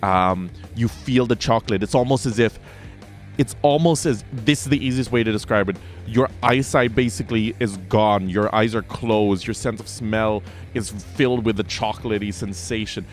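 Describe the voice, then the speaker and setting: A man's voice: fairly low pitch, normal speed, faint music behind. A man running a tabletop game as game master, describing scenes vividly and at length with plenty of fillers.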